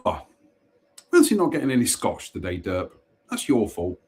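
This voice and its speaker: A man's voice: on the low side, wildly swooping pitch, moderate pace, darkish tone. A man reads short ghost stories aloud on a casual live stream. He breaks off now and then for dry, jokey asides. He trips over a word now and then and simply goes back to it. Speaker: host reading ghost stories.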